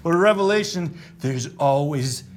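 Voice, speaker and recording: A man's voice: on the high side, expressive, moderate pace, a little hiss or hum. A man hosting a casual Bible study video, joking, laughing often and trying silly impressions. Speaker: pastor and video host.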